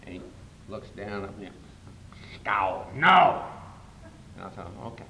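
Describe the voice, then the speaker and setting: An older man giving a humorous, storytelling speech as a guest speaker at a conference, with sudden loud jumps in his delivery. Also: flat delivery, quick pace, vocal fry. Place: conference hall. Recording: echoey hall with faint rumble.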